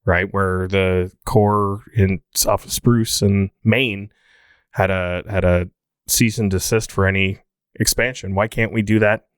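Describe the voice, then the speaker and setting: A man's voice: deep voice, level tone, a little slow, clear, resonant tone, no room sound. A man hosting a podcast, talking casually in an opinionated, joking way with restarts. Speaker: podcast host. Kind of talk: casual chat.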